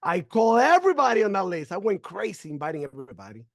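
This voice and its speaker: Animated man telling his testimony. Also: high voice, quick pace, dry recording, studio quality. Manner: animated, acting out conversations, stumbling fillers; emotional, faith-filled. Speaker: member sharing a testimonial. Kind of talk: personal testimony storytelling.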